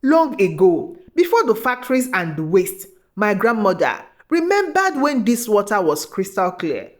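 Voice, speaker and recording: A woman doing a gentle, wise mermaid. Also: mid-range voice, very animated, normal speed, natural voice. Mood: wistful. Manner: gentle, soft-spoken.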